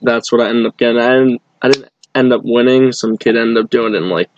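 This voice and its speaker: A man's voice: medium pitch, steady tone, fast, dull audio, a little hiss or hum. A young man from telling a rambling bar story in casual chat, full of fillers and restarts. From Boston area. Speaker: guest.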